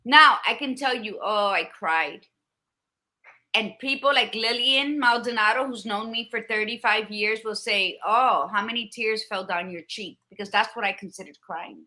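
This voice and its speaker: Woman in her 50s, podcast cohost, blunt and swears a lot, bright voice, pitched a bit high. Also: normal speed. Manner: blunt, profane and emphatic. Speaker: podcast co-host. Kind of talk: candid casual chat.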